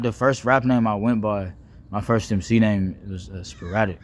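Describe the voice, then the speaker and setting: A young man, rambling playfully in a casual vlog monologue, full of slang, restarts and deliberately wordy phrasing. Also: lowish voice. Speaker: vlogger.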